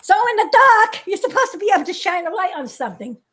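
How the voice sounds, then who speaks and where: A woman animator chatting casually with fans at home, excitable and laughing constantly. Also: very high voice, quick pace. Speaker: animator showing her work to fans. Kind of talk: casual home vlog chat. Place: her home, indoors.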